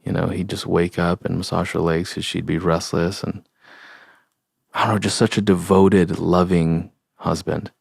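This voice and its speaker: A young adult man hosting a podcast, talking in an earnest, heartfelt and halting way. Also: low-pitched, flat delivery, creaky, darkish tone, slightly rough, dry recording, clean studio sound. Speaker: podcast host. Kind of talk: solo reflective podcast talk.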